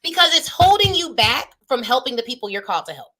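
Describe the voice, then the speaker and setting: A woman in her thirties gives a motivational talk on a live stream in a bright, forceful voice. She talks straight to her viewers with a preacher-like rhythm, pressing each point home. Her pitch sits a little above the usual for a woman. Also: very animated, fast. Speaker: business coach and show host. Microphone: phone or webcam on a live stream.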